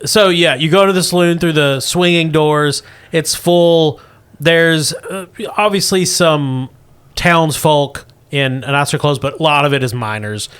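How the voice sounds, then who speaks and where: A man's voice: on the high side, measured pace, a bit bright, clear, resonant tone. A man running a comedy tabletop game as game master, narrating in a laid-back way and laughing often.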